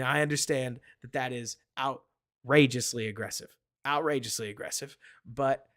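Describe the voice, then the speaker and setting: A man, hosting a casual live football stream, rambling, answering viewers by name. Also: medium pitch.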